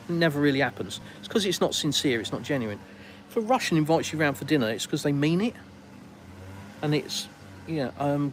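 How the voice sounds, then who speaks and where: A man's voice: on the high side, lively intonation, brisk, a little hiss or hum, poor audio. An English man hosting a casual live stream outdoors in a garden, rambling and colloquial as he reads viewers' comments aloud. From England.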